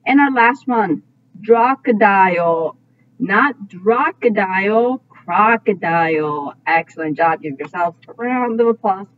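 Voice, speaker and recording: A woman teaching a phonics lesson to young children, slowly modeling each sound and praising often. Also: mid-range voice. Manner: slow, drawn-out sound modeling with frequent praise. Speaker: kindergarten teacher. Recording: tinny phone-like audio.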